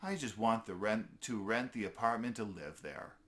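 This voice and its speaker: A man voicing a sweet, very old grandmotherly female squirrel who speaks gently and kindly, calling everyone dear. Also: lowish voice, expressive, moderate pace.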